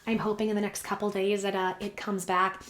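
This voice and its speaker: A woman's voice: mid-range voice, level tone, brisk, a bit bright, slight background noise. A woman talking casually to her viewers, her voice strained and worn, chatty and earnest. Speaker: vlogger giving predictions. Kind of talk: casual talk to camera. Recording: echoey room.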